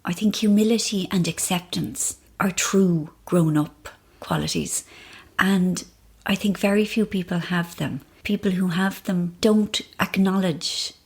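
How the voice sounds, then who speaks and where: A woman's voice: lowish voice, fairly even intonation, measured pace, creaky, darkish tone, breathy edge. A woman in her fifties, a novelist guest in a candid interview, talking frankly and self-deprecatingly, recorded in a hotel room. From Ireland. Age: 50s. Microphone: mic perched on an ironing board.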